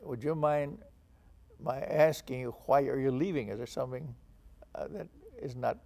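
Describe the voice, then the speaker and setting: An older veteran from San Antonio, Texas, looks back on his past in an oral history interview. His mid-range voice is warm with some vocal fry, at a normal speed, and he acts out the dialogue he quotes as he tells his stories.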